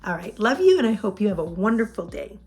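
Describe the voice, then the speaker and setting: A woman's voice: medium pitch, very animated, fast talker, a little mellow, faint music behind. A woman in her fifties talks casually to her viewers about dieting. Her delivery is rambling and chatty, and she laughs often as she goes. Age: 50s. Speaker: weight-loss vlogger. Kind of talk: casual chat to camera.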